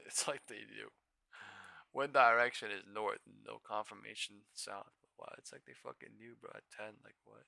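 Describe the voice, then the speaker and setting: Young man, gravelly, bright sharp tone, dry close sound, tired, swearing, incredulous, live trading commentary. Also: on the low side, fairly even intonation, normal speed, dry recording. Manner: swearing, incredulous, talks to himself in bursts. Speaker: live stock trading streamer.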